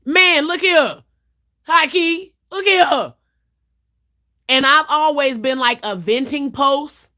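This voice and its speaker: A woman's voice: sits high, takes it slowly, long pauses, sharp tone. A woman hosting a livestream, chatting casually and telling stories bluntly, with plenty of swearing. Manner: blunt, profane, storytelling. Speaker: livestream host.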